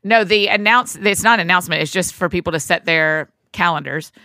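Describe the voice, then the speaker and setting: A woman hosting a podcast in relaxed, chatty conversation, laughing easily as she talks. Her voice is bright and a bit gravelly, sitting low for a woman. The sound is dry and close, with almost no room. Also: a little fast, no echo. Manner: laughs often, chatty and warm-humored. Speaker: podcast host. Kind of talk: casual chat.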